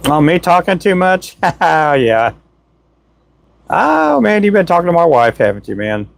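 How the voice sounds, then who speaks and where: A chatty livestream host with a higher, creaky voice speaks at a measured pace and is very animated. Calling himself a chatterbox, he cracks jokes and gives cheerful shout-outs in casual chat over a Donner microphone, his voice tired from talking so much.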